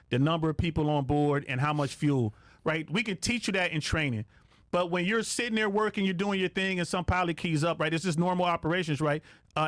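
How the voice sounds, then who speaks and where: A man races through his stories at a rapid clip in a fairly high voice. He curses freely and acts out pilot and controller radio calls. The sound is dry and close. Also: a bit bright, no room sound. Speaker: podcast guest, air traffic controller. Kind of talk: casual podcast storytelling.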